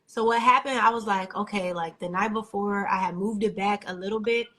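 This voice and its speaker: A young adult woman co-hosting a podcast, telling an animated story in casual chat full of slang and acted-out quotes. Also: mid-range voice, a little fast. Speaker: podcast co-host.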